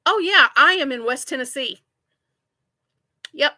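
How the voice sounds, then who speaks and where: A woman's voice: high-pitched, lively intonation, measured pace, bright, forceful tone. A middle-aged woman hosting a crochet livestream, chatting casually and rambling with viewers and laughing often. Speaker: crochet channel host.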